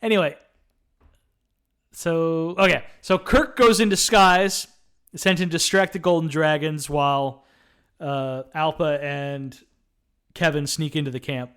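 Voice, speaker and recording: Bright-voiced man co-hosting a film podcast. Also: on the high side, steady tone, measured pace, pauses often, clean tone. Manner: retells scenes with frequent fillers. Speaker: podcast co-host. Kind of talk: casual film review chat.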